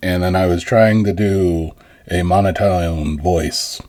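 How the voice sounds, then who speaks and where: A man's voice: sits low, slow pace, a little mellow. A man co-hosting a podcast, joking and laughing often in casual banter. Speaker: podcast co-host.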